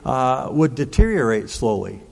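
An older man voicing a blunt, matter-of-fact doctor in a sermon, his pitch a little raised. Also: big pitch swings, measured pace, creaky, a little mellow. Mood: lecturing. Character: blunt middle-aged male doctor giving bad news. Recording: long reverb of a large hall.

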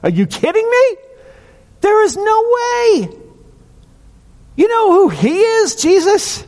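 A man voicing an angry, shocked townsperson in a high, indignant outburst, with a long hall echo. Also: huge pitch swings, slow, a little mellow, heavily acted. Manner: incredulous, high-pitched outburst.

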